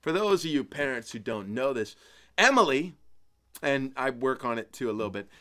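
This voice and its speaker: A man hosting a casual weekly live stream from home as a polka band leader, talking in an upbeat, playful way with sudden jumps in pitch and loudness. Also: lively intonation, normal speed.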